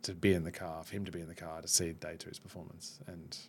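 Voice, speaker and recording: With a low, creaky, darkish voice and flat delivery, a man hosts a candid podcast conversation. He is open and self-reflective, restarting often, over a little hiss or hum.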